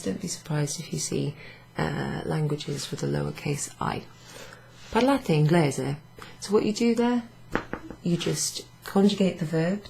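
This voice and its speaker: A woman's voice: low-pitched, creaky, a little mellow, a little hiss or hum, rough recording. A tired woman teaching a casual language lesson, explaining patiently while writing examples on a board. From Wales.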